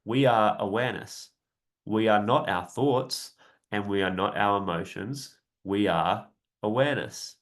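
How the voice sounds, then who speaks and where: A young man with a lowish voice gives a laid-back coaching talk on a live stream. He rambles in a friendly way and tags many lines with "right?", now and then with a light laugh. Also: unhurried. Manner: relaxed, rambling, often adds "right?". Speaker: self-help coach.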